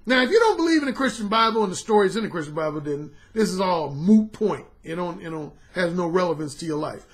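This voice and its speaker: A man hosting a podcast, a dating coach delivering an animated, profane storytelling monologue. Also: very high voice. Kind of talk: casual monologue commentary.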